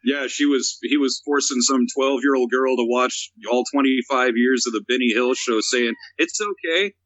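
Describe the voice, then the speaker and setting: A man's voice: medium pitch, level tone, moderate pace, fairly bright tone, slight background noise, rough recording. A man chatting on a comedy podcast in a loose, wry way, hesitating with fillers as he talks. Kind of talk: casual comedy podcast chat.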